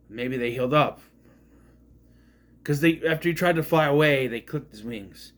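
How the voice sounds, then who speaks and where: A man's voice: mid-range voice, moderate pace, pauses often. A man in his thirties giving a casual, rambling movie review, retelling scenes and acting out the characters' lines.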